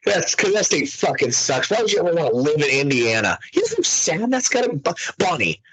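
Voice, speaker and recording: Man, podcast co-host: husky, lively, crude, mocking banter. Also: a little high, fairly quick, hardly any pauses, low-quality recording. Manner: profane, animated, mocking. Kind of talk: crude casual chat.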